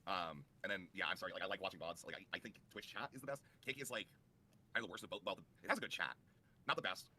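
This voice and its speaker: A man's voice: low voice, quick pace, bright, forceful tone, a little hiss or hum. A man hosting a stream panel, rambling casually with lots of fillers and frequent laughs. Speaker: stream host.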